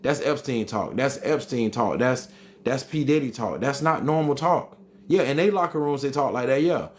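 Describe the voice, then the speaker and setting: A man's voice: mid-range voice, normal speed. A man hosting a live stream, reading chat comments aloud and arguing back with emphatic repetition. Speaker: livestream host reading chat.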